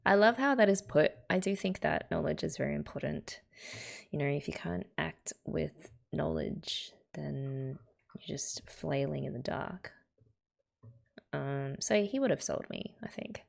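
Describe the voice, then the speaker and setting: An Australian woman hosts a manga read-along, chatting her reactions between passages. Her voice is low and heavily gravelly, and she talks at an unhurried pace with laughing, whispered asides. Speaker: reaction video host. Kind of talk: reading a manga aloud with commentary.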